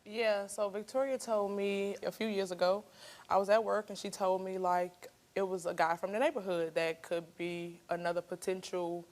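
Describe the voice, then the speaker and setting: A woman in her thirties, a guest on a television talk show, telling her story in a chatty, animated way. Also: fairly low pitch. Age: 30s. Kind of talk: casual talk show conversation. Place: television studio.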